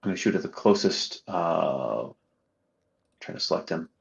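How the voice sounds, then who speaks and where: A man with a low, gravelly voice plays in a casual tabletop game. He speaks haltingly and fills his pauses with many ums and uhs. His sound comes through a dull, lo-fi mic. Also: expressive. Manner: halting, full of um and uh fillers. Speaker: player.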